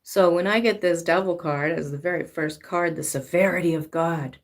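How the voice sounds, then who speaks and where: A woman's voice: lowish voice, normal speed. A woman giving a casual spiritual talk as a tarot reader, swearing freely and now and then acting out pleading voices. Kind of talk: spiritual monologue.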